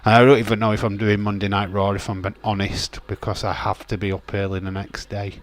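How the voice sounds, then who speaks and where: Fairly quick and flat in delivery, a young man with a lowish voice hosts a wrestling watch-along. His casual live-stream commentary rambles along as he chats, swears, laughs, and reads chat aloud.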